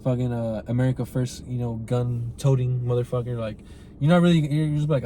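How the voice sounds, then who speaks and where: A man's voice: mid-range voice, steady tone, fairly quick, dark tone, a little hiss or hum. A man hosting a podcast, giving a casual, rambling film review full of swearing and "like" and "right?". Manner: rambling and profane, heavy use of "like" and "right?".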